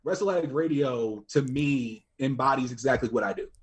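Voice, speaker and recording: A man's voice: medium pitch, fairly quick. A man talking as a guest on a casual podcast, chatty and easygoing.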